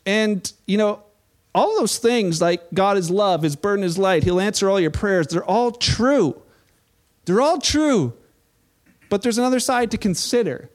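A middle-aged pastor preaches in a high voice, talking to his church like a conversation. He slips playfully into the voices of the people he quotes. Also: normal speed. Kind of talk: sermon.

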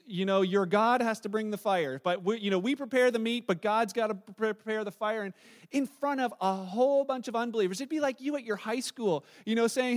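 High-pitched guy preaching, animated storyteller, acts out the quotes, sounds thirtyish. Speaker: pastor. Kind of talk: sermon.

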